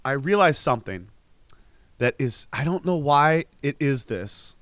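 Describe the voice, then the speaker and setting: A man co-hosting a casual podcast, talking with a lively, swinging pitch and swearing freely. He mimics the people in his stories, and his voice sounds dry and close to the mic. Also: unhurried, no room sound. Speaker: podcast co-host. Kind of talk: casual chat.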